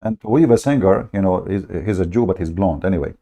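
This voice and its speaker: Gravelly low-voiced man, mocking. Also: fairly quick, warm tone. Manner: mocking, sarcastic storytelling in broken English. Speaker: host of a livestream. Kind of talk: livestream commentary.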